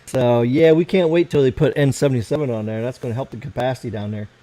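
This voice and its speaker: A man's voice: medium pitch, quick pace, warm tone, poor audio. Rambling, cursing American man on a livestream. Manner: rambling, profane, talks while fiddling with his computer. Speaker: livestream host. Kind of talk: casual livestream chat.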